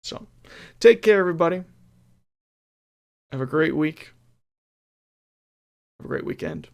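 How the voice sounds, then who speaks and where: A man's voice: fairly high pitch, animated, a little slow, gravelly. A man streaming a retro game, chatting casually and playfully, reading game text aloud with mock drama.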